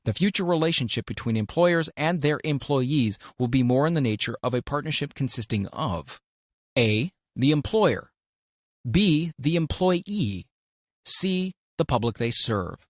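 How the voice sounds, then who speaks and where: Man, audiobook narrator, mid-pitched voice, measured deliberate reading, emphatic stresses, dry close recording. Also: expressive, no room sound. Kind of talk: scripted audiobook narration of a self-help classic.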